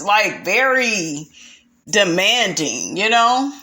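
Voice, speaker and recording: A woman's voice: mid-range voice, lively intonation, measured pace, fairly bright tone. A woman giving a sassy, chatty reality TV recap in a casual style, calling her viewers honey and child.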